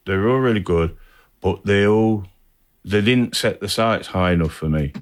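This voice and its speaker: Deep-voiced man telling stories. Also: normal speed. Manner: rambling, animated anecdotes with acted-out quotes. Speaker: interviewee. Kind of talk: casual storytelling.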